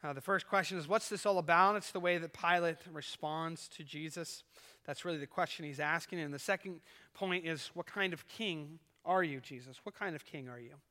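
A man's voice: on the high side, moderate pace, pushed and bright. A man preaching a sermon as pastor, earnest and swelling and dropping in volume as he retells a scene. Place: church sanctuary. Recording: echoey church hall.

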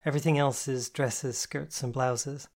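A male audiobook reader voicing a playful, affectionate woman who teases softly. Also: medium pitch, fairly even intonation, measured pace, lightly acted. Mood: teasing. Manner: teasing, soft and fond. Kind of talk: audiobook character reading.

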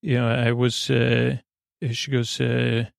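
A man hosting a sleep podcast, casually retelling a story in a slow, meandering way full of filler words. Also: monotone, vocal fry, dry recording, studio quality. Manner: meandering, many uh fillers and 'he goes'; slow, low-key delivery. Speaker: podcast host. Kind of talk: rambling sleep-podcast episode recap.

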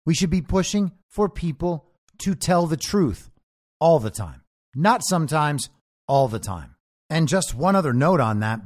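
A man hosting a podcast, delivering a sarcastic political commentary monologue. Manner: animated and sarcastic, with lively shifts in pitch. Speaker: podcast host.

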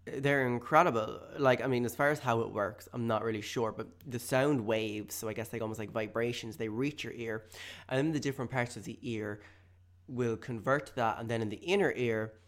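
A man's voice: medium pitch, normal speed. A man hosting a casual solo podcast, talking in a rambling, hesitant way full of fillers. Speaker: podcast host. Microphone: studio mic with headphones.

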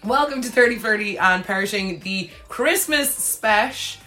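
A woman's voice: mid-range voice, expressive, a little slow, sharp tone, soft background music. A young woman co-hosting a podcast in casual chat, telling stories and laughing often. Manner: chatty storyteller, laughs often. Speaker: podcast co-host.

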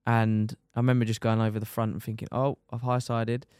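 A young man, a motorcycle racer telling his injury story on a podcast in lively, casual talk, swearing and dropping "mate" often. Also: medium pitch, fairly quick, smooth, no room sound, clean studio sound.

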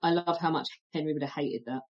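A woman hosts a podcast interview in a husky, low voice, asking friendly and playful questions. Her sound comes through dull and lo-fi, like a remote recording. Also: fairly even intonation, quick pace, a little mellow. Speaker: podcast host.

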